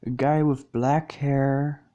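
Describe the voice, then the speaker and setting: A man's voice: mid-range voice, flat delivery, slow pace, dark tone. A man casually narrating a fan story, rambling and correcting himself as he goes.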